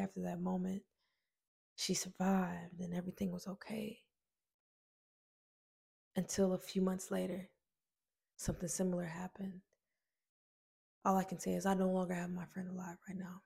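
Earnest female motivational speaker with a gravelly, mellow voice, telling a personal story to the crowd. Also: fairly low pitch. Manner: earnest and emotional, addresses listeners as friends, repeats phrases.

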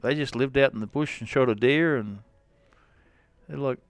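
An Australian man, a rodeo cowboy, yarns along in a casual interview, looping back with fillers and restarts. His voice is smooth and clear at an ordinary pitch. The mic sits close and dry. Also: normal speed, dry recording. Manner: rambling, lots of "you know" and restarts.

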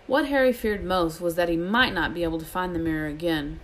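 A woman reading a novel aloud as an expressive storyteller. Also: fairly low pitch, a little fast, low-quality recording. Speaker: reader.

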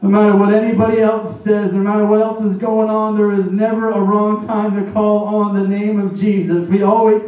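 Impassioned preacher in an echoey hall. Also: male voice, sits high, flat delivery, normal speed, hardly any pauses, a little mellow, far from the mic. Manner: impassioned, repetitive exhortation. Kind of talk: sermon.

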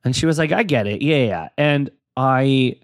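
A man's voice: medium pitch, lively intonation, normal speed, no room sound, clean studio sound. A young adult man hosting a casual solo podcast, rambling and self-deprecating while he encourages his listeners. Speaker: podcast host.

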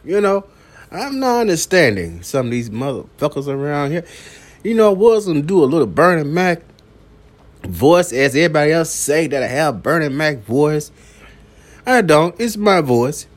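A man hosting a late-night solo podcast, talking slowly and profanely and returning again and again to one catchphrase. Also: fairly high pitch, very animated. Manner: slow, profane, repeats a catchphrase; coughs now and then. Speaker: podcast host. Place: downtown building at night.

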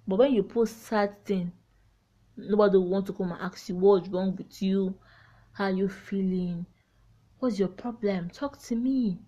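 A woman with a Nigerian accent hosting a solo podcast, talking heartfelt and frank, laughing through painful topics. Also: fairly high pitch. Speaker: podcast host. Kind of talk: candid solo podcast monologue.

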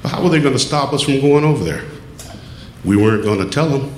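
Guy telling a story from his childhood, mid pitch, roomy echo, a bit of background hum. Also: expressive, fast, a little mellow. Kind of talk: first-person storytelling on stage. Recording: echoey room with faint ambience.

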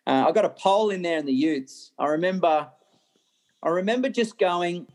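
Animated Australian man telling stories. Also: high-pitched, normal speed. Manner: animated, laughs often, restarts sentences. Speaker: racing driver guest. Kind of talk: interview storytelling.

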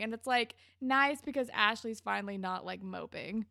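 Woman, podcast co-host, fry in the voice, relaxed rambling chat, dry sound. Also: on the high side, normal speed, no room sound. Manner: relaxed, rambling, laughs often. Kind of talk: casual chat recapping a TV episode.

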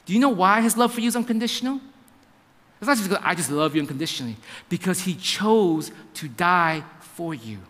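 A man's voice: high voice, lively intonation, normal speed, a bit bright, big-room sound. A man in his thirties, a pastor giving a sermon in a church, telling a family story with lots of quoted dialogue and stumbling restarts. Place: church sanctuary.

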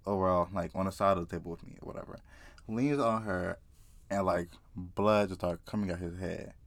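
A man casually telling a story to camera, profane and excitable, often laughing. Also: sits low, fairly quick, dry recording. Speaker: vlogger.

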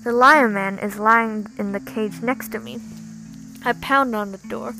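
A woman's voice: a little high, steady tone, a little slow, music in the background, low-quality recording. A woman reading a first-person story aloud in an emphatic, dramatic storytelling manner.

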